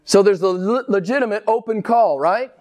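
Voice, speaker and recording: A man preaching a sermon with passion, firing rhetorical questions and swinging widely between slow, emphatic lines and quick ones. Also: a little mellow. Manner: impassioned preaching, rhetorical questions, big swings in pitch and pace. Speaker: pastor.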